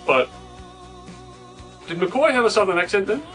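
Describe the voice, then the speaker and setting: A man co-hosting a comedic review, irreverent and crude, with a sarcastic edge to his quips. His voice sits fairly high, with loud music behind the talk. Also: lively intonation, normal speed. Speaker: co-host, film reviewer. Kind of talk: casual comedic chat.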